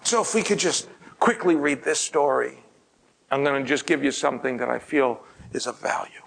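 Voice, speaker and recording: Gravelly guy preaching, tells a story then goes all hushed and breathy, bit of hiss behind. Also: medium pitch, moderate pace, poor audio. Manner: drops to a hushed, breathy near-whisper. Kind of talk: storytelling sermon.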